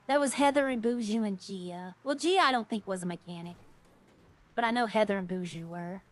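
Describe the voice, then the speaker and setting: A woman with a medium-pitched voice talks briskly while streaming a game. She chats casually with her viewers and thinks aloud in a rambling way.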